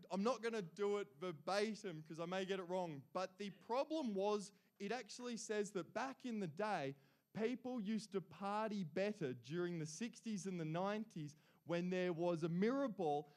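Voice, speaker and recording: A man announcing award winners at a live ceremony, cheering them on and adding chatty asides between names. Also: high-pitched.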